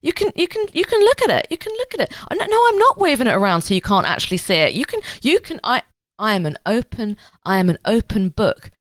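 A woman's voice: fairly high pitch, big pitch swings, quick pace, no echo, voice pushed up. A woman playing Arminius, a sly mock-innocent warrior. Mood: wheedling. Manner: mock-incredulous, wheedling.

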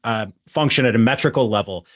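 A young man in casual podcast chat who rambles through academic stories with frequent restarts. His voice sits at an average pitch. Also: quick pace. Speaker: podcast co-host.

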